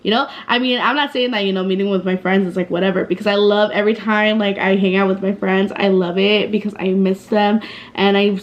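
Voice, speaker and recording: A woman's voice: medium pitch, steady tone, a little fast, lo-fi sound. A woman in her twenties telling a casual storytime vlog in a chatty, slangy way, with lots of fillers and swearing. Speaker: vlogger.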